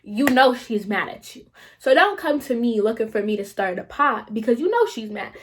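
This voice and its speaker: A young woman vlogger telling a story in a casual, slangy, animated way, swearing freely. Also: fairly high pitch, moderate pace, a little hiss or hum.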